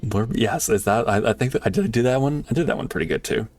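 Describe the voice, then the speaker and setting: A man streaming a game live, chatting casually with viewers and swinging from excited shouts to quiet muttering. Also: mid-range voice, fast talker, dry recording, soft background music. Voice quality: animated, laughs often, jumps between excited shouts and quiet muttering.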